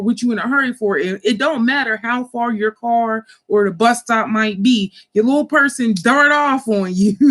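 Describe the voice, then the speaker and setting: A woman hosting an online talk, telling a family story in a casual, animated, profane way with slangy speech and frequent laughter. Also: a little high. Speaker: host.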